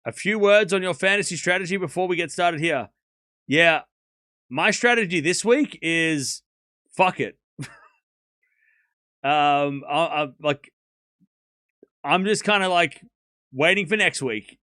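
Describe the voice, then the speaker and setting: A young Australian man hosts a casual tennis watchalong stream, bantering with viewers and answering their questions with jokes. He's playful and quick to laugh and exclaim, his voice on the high side with a sharp tone. The sound is echo-free and studio quality.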